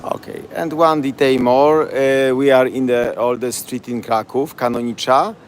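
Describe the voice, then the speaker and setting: A man's voice: mid-range voice, steady tone, moderate pace. Polish man guiding a night street tour. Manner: chatty, broken English, repeats place names. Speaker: tour guide. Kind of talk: live-streamed walking tour. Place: outdoors on city streets at night. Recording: street noise behind.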